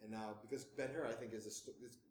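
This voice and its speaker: A man co-hosting a podcast, quick and knowing, often correcting his co-host. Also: mid-range voice, steady tone, a little mellow. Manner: quick, knowing, sets facts straight. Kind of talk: casual chat. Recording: roomy with faint ambient noise.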